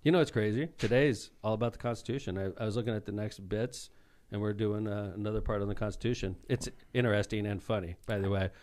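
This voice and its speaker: Low-voiced joking podcast co-host man. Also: quick pace, darkish tone, a little hiss or hum. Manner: jokey, reads ads in a hyped announcer voice. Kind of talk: casual chat and read ads.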